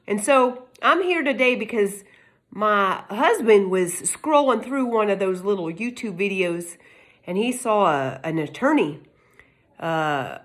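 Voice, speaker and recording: A woman's voice: a little high, fairly bright tone. Folksy woman with a put-on Texas accent. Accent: Texas Southern US, put on. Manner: folksy, emphatic, lectures with rhetorical questions. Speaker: self-made legal commentator. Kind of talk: casual monologue to camera. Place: home in California.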